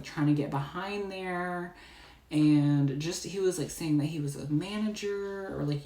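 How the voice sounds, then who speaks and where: A woman's voice: fairly low pitch, a little mellow. A woman telling a storytime vlog in a chatty way, full of "like". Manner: chatty, heavy use of "like", retelling a rant. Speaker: storytime vlogger. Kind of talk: casual storytelling. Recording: echoey room, mic far off.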